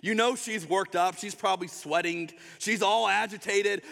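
A pastor delivers a sermon in a relaxed, conversational way, often slipping into quick acted-out voices. His voice is bright and fairly high for a man. It echoes with the long reverb of a large hall. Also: vocal fry. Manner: conversational, acts out quick voices, drops to soft tender tones.

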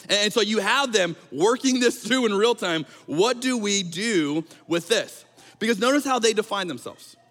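A man preaching a conversational sermon as pastor, animated and joking, sometimes acting out quotes in a raised voice. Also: high voice, normal speed, in a large hall.

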